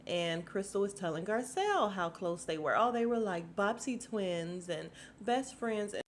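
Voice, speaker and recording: A woman's voice: medium pitch, lively intonation, unhurried, a little hiss or hum. A woman hosting a podcast, recapping a reality TV show in a chatty, sarcastic way with asides. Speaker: podcast host.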